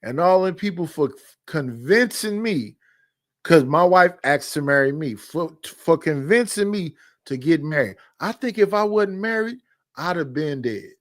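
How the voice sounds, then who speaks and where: A man in his fifties with a somewhat high voice tells personal stories on a podcast. He speaks bluntly and candidly, circling back through repeated phrases as he makes his point. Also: expressive, a little slow. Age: 50s. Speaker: podcast host. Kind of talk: casual storytelling chat.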